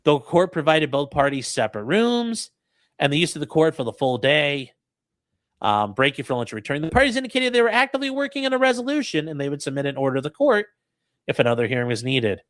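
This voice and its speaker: A man's voice: a little high, sing-song, fast, a bit bright, no room sound, studio quality. A man hosting a legal commentary stream, reading court records aloud to his chat and ranting about them with profane sarcasm. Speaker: host and lawyer commenting on a court case.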